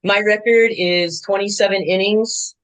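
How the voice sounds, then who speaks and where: A woman in her sixties, a veteran softball umpire, telling game stories in a chatty, animated way with lots of fillers. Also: mid-range voice, unhurried, rough recording. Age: 60s. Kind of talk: casual interview storytelling.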